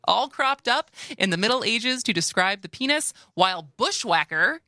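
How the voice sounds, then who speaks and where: Bright-voiced chatty Wisconsin woman host. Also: on the high side, animated, normal speed, hardly any pauses, dry recording, clean studio sound. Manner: chatty, laughs easily, restarts often. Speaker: radio talk show co-host. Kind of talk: casual radio chat. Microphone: studio microphone.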